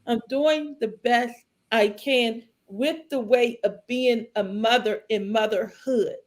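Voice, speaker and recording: A middle-aged woman speaks slowly and haltingly, her voice choked up as she shares her grief. Her voice sits a little high, and she leaves long pauses between phrases. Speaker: podcast co-host. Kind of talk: emotional personal testimony.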